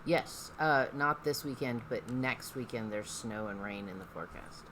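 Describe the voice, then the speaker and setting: Very low-voiced dry woman. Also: normal speed, a crowd in the background, rough recording. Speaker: co-host. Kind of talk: casual chat, reading listener letters.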